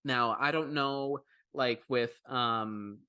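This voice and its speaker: A man's voice: mid-range voice, slow, bright, forceful tone, clear, resonant tone, no echo. A man co-hosting a podcast, talking in an enthusiastic, rambling way with many restarts. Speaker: podcast co-host. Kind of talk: casual podcast chat.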